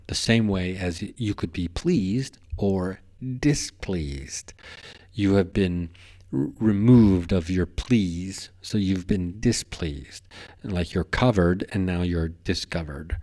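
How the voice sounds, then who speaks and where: A man with a low, warm voice speaks a little slowly as he hosts a podcast. His casual monologue rambles playfully, and he often stumbles over his words.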